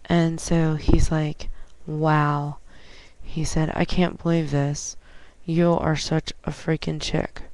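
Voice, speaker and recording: Low-voiced chatty woman vlogger. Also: slow pace, no echo. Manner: chatty, animated retelling with quoted dialogue. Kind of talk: casual storytelling.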